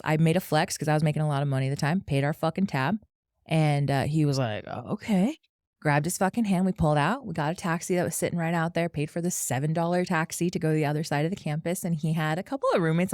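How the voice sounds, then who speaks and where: A woman's voice: low voice, quick pace, a little mellow, dry recording, clean studio sound. A young adult woman casually telling a candid, profane story, laughing as she goes. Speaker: podcast guest.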